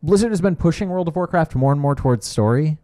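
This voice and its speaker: A man's voice: fairly high pitch, animated, fast talker, mellow, dry recording, studio quality. A man casually talking through a video game as co-host, good-humored and loose, often restarting his sentences. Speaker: co-host showing gameplay. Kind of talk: casual gameplay commentary.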